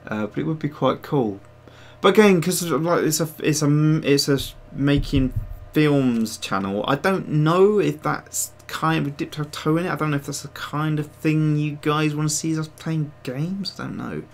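A man's voice: a little high, normal speed, hardly any pauses. A man hosting a digital sculpting livestream, chatting casually and rambling as he reads out viewers' messages and pokes fun at himself. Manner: rambling, self-mocking, reads chat aloud. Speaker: host of a digital sculpting stream.

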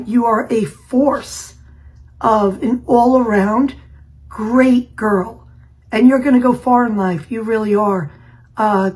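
A woman recording a warm, gushing video message, close to tears. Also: fairly high pitch, slightly rough, low-quality recording.

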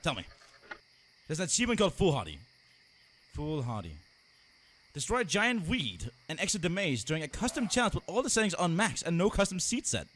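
Jumpy man yelling through a horror game. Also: a little high, very animated, brisk, pauses often. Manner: loud, jumpy, swearing, yelling at scares; reads donations and chats to viewers. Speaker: streamer. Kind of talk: live horror game streaming. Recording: noisy background.

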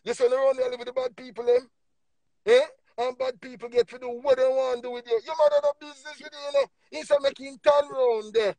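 Jamaican guy preaching hard on a live, gravelly, swings loud and quiet. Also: fairly quick, no room sound. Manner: emphatic, preachy, swings between low murmurs and loud bursts. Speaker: livestream speaker. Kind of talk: preaching on a livestream chat.

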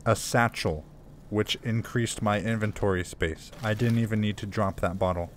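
A man's voice: on the low side, fairly even intonation, normal speed, a little hiss or hum. A man playing a survival horror game and commenting casually, chatty and jumpy, laughing nervously at the scares. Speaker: gaming YouTuber. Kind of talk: let's play commentary.

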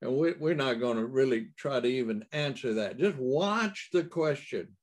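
A man preaching a sermon in a halting way, with many fillers and restarts and emphatic rises. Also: mid-range voice, lively intonation.

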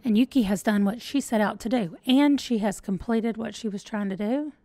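A woman's voice: a little high, normal speed, dark tone, no room sound. A woman hosting a let's play, chatting casually and thinking aloud as she plays. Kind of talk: casual gameplay commentary.

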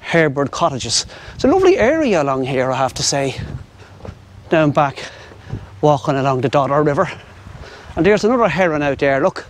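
Rambling Irish vlogger, middle-aged man, pitched a touch high, clip-on mic outdoors with faint traffic behind. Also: sing-song, moderate pace. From Ireland. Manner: rambling, chatty, talks to the viewers and to animals. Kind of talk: casual walking commentary. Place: outdoors on a riverside path in a city. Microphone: wireless clip-on mic.

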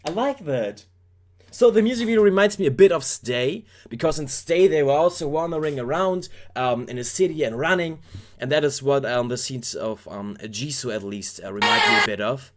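This is a man riffing through a reaction video in a loose, rambling way. He jokes and speaks directly to his viewers. His pitch sits mid-range but rises and falls a great deal. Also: expressive, normal speed, slight background noise. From Germany. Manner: playful, rambling, joking, talks straight to viewers. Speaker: K-pop reaction YouTuber. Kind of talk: casual reaction commentary.

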